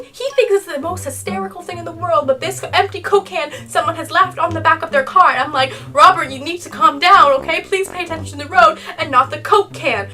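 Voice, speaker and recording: Young female vlogger, high voice, exasperated storyteller who keeps tossing in "okay?", music bed underneath. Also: pushed and bright, far from the mic. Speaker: YouTuber. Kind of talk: storytime vlog.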